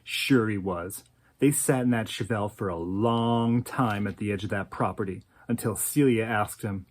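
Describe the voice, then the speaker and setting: A woman in her forties tells a personal memory in an animated, dramatic way, stammering as she restarts her sentences. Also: a bass voice, a little slow. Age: 40s. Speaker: oral history interviewee. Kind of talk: personal storytelling.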